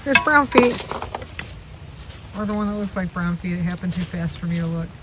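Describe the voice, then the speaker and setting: A woman's voice: on the low side, moderate pace. A woman chatting casually in a backyard vlog, rambling as she calls out to the chipmunks and squirrels by name. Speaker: wildlife vlogger. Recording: outdoor recording with clear background noise.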